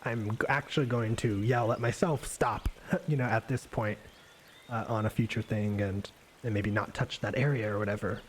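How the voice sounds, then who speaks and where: A man giving a relaxed, rambling live painting demonstration, thinking aloud with many fillers and restarts as he works. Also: on the low side, normal speed, a little hiss or hum. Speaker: art instructor painting live. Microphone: desk microphone on a livestream.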